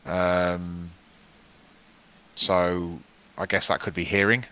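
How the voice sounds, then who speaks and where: A man playing a tabletop game, chatting casually and thinking out loud about his character. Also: low-pitched, little pitch movement, slow, rough recording. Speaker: player.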